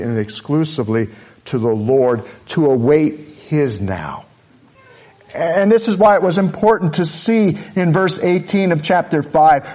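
A pastor preaching a sermon, earnest and emphatic, driving points home with repeated phrases. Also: male voice, a little high, a little mellow.

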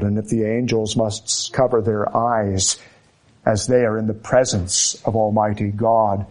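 Slow, emphatic male preacher. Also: mid-range voice. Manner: slow, emphatic, repeating phrases with dramatic pauses. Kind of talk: sermon.

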